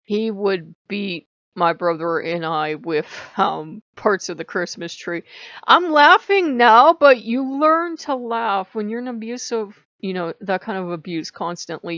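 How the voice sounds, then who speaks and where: A middle-aged spiritual vlogger with a medium-pitched voice tells her own life story in an unhurried, blunt, confessional way, swearing freely. It's a dry, dull lo-fi home recording.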